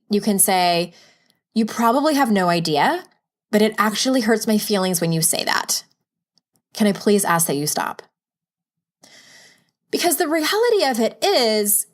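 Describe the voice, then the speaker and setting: A woman hosting a solo self-help podcast, talking frankly and playfully, coaching listeners with humorous asides. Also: medium pitch. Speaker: podcast host.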